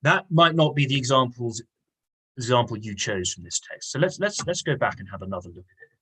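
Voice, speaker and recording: A man's voice: medium pitch, lively intonation, a little fast, a bit bright, husky, low-quality recording. A man teaching an online English lesson. He explains patiently and repeats key words. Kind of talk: online lesson with reading aloud.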